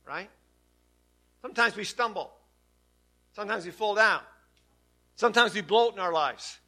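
A man preaching a sermon to his church, swinging from hushed lines to loud, emphatic ones. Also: high voice. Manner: preaching with sudden swings between loud and soft. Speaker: pastor.

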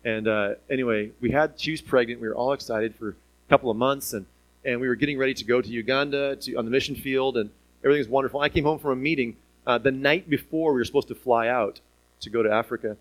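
A man preaching a sermon in an animated way, asking the listeners rhetorical questions and chuckling now and then. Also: mid-range voice, fast, low-quality recording.

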